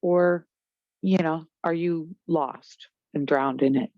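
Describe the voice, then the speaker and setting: Woman co-host, rambling and chatty, lower pitch, dry room. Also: fairly even intonation, takes it slowly, dry recording. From Pacific Northwest of the US. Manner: rambling, hesitant, laughs often. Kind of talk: casual chat. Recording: dull, muffled dry audio.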